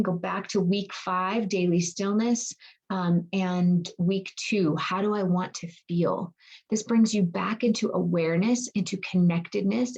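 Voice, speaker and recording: A woman's voice: on the low side, darkish tone. Chatty woman coach, slightly lo-fi. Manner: chatty, reassuring, thinks aloud with many "right?" and "okay?". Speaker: wellness coach. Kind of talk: casual online coaching talk.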